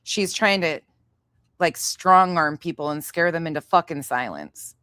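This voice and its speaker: A woman's voice: low voice, unhurried, background noise. A woman streamer in an angry live-stream rant, swearing heavily and exasperated as she reacts to a clip. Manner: heavy swearing, exasperated ranting.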